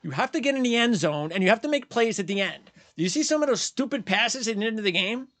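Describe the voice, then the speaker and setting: A man's voice: high-pitched, animated, quick pace, a bit bright, dry recording. A man hosting post-game sports commentary, ranting bluntly and heatedly, repeating his points and mocking fans in quoted voices. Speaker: sports channel host.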